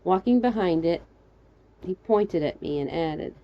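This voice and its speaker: A woman reading her first-person fan fiction story aloud, soft-spoken and unhurried. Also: on the low side, animated, dull audio.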